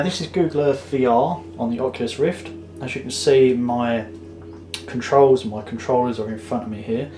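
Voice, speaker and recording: A chatty man walks through a casual tutorial, loose and unscripted, pausing on fillers as he goes. His pitch sits in an ordinary middle range. Soft music runs faintly behind him. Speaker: photography vlogger.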